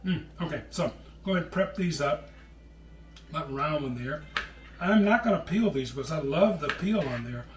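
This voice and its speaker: A man's voice: fairly high pitch, animated, normal speed, reverberant, recorded from a distance. A middle-aged man hosting a home cooking show, chatting casually as he preps vegetables and calls people "brother.". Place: home kitchen.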